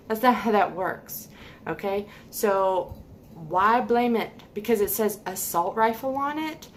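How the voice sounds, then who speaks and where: An American woman vlogger delivers a heated, emphatic rant to camera, repeating her points for stress. Her mid-range voice is animated and her pace measured, with a little hiss or hum in the recording.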